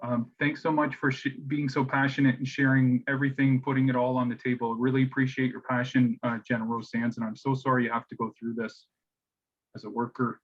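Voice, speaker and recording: A man moderates a townhall, pausing often and repeating words as he finds his way. His voice sits at a middle pitch and comes through a dull, muffled lo-fi recording. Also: little pitch movement. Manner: halting, many "uh" and repeated words. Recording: dull lo-fi sound.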